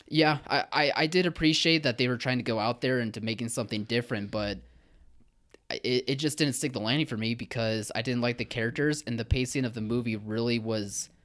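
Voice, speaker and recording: A man's voice: medium pitch, a little fast, a bit bright. A man co-hosting a podcast, giving a film review in casual chat, earnest and hesitant with frequent restarts.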